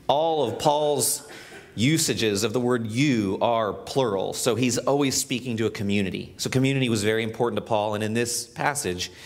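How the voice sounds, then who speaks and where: A man preaching a sermon as a pastor, talking conversationally with asides and small restarts, and reading scripture aloud in a church. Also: medium pitch. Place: church sanctuary.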